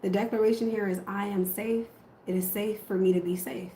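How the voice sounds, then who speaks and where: A woman's voice: medium pitch, fairly even intonation, fairly quick, mellow, roomy sound, slight background noise, low-quality recording. A woman giving a casual tarot reading to camera, swearing freely and correcting herself as she goes. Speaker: tarot reader.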